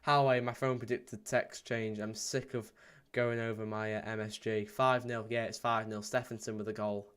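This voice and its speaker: A man hosting a live football watchalong stream. He chats casually, reads out viewer comments with plenty of ums, and breaks into excited play-by-play. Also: fairly low pitch, normal speed, few pauses, clean tone. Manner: bursts into excited play-by-play at goals. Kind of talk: live match watchalong chat.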